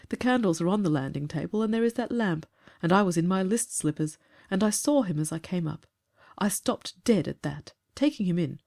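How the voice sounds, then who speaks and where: A woman voicing Clayton, an earnest storyteller gentleman. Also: fairly low pitch. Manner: measured, earnest, slightly aggrieved. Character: calm grown man telling a ghost story. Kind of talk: storybook reading.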